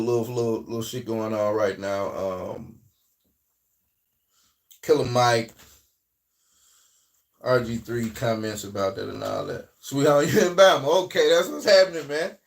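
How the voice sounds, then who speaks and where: A man with a Southern US accent hosts a casual livestream in a loose, rambling style, his volume swinging between loud and quiet. His mid-range voice is creaky, and the mic sits at a distance.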